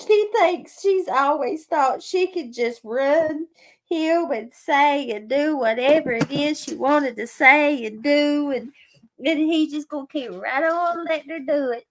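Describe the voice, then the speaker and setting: A woman with a high voice reacts to clips on her stream, talking slowly and casually. She mocks the people she watches bluntly and breaks into laughter.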